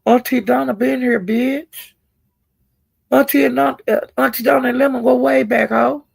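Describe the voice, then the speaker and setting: Gravelly man dishing profane gossip. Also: extremely high pitch, steady tone, moderate pace, dry recording. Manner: talks straight to the people discussed. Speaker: commentator on online live streams. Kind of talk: casual gossip commentary.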